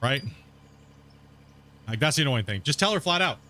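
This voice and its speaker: A man's voice: medium pitch, expressive, normal speed, pauses often, pushed and bright. A man streaming a game, ranting to his viewers in casual chat and swearing a lot. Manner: heated ranting, swears often. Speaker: gaming streamer.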